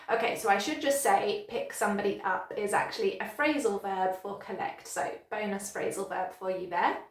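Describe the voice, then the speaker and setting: A woman teaching English pronunciation in an online lesson, speaking clearly and encouragingly and demonstrating each example. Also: medium pitch, moderate pace, hardly any pauses, roomy sound.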